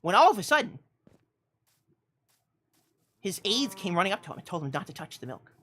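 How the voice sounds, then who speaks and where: A woman streaming a game, telling a mock-epic tale in a theatrical way, swinging from loud declarations to hushed asides and laughing often. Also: medium pitch, big pitch swings, a little fast, slight background noise.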